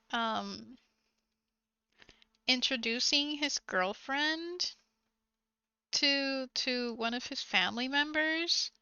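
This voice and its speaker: A woman with a high, bright voice chats casually while she paints on a live stream, taking her time and giggling as she rambles through a story. The audio is dry and a little dull and lo-fi. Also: clear, resonant tone, no room sound. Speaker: art streamer.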